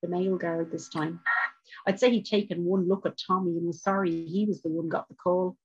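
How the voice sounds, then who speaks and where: A woman reading her short story aloud at a book launch, in a measured, wry manner, on a dull, muffled recording. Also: lowish voice, steady tone, husky. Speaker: author reading.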